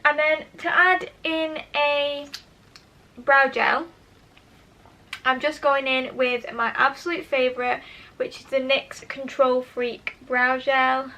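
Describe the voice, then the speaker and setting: Bright, high-voiced young woman vlogging. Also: little pitch movement, takes it slowly. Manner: chatty, self-deprecating, enthusiastic. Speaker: beauty vlogger. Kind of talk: casual make-up tutorial chat. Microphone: camera mic, talking to camera.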